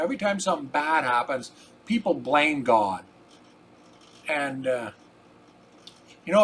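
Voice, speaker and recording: A man's voice: on the high side, fairly bright tone, slight background noise. Folksy older man telling a story. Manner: folksy, rambling, repeats "I says"; earnest, preachy about faith. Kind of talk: casual spoken storytelling.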